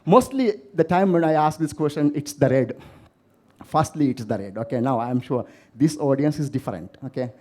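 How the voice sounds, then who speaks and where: A keynote speaker from the Maldives gives a motivational talk to a live audience, telling stories and putting questions to the crowd. His mid-range voice has a darkish tone and lively intonation, at a moderate pace.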